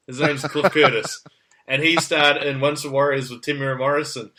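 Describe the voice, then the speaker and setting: A man's voice: fairly high pitch, brisk, a little hiss or hum. Jokey New Zealand man. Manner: animated, jokey, slangy. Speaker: podcast host. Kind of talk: casual podcast chat.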